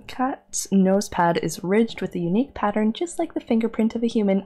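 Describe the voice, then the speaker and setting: Woman, streamer, casual gaming chat, laughs a lot, reads chat out loud, mid-pitched voice. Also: lively intonation, moderate pace, hardly any pauses. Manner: chatty, laughs often, reads chat aloud. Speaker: streamer and librarian.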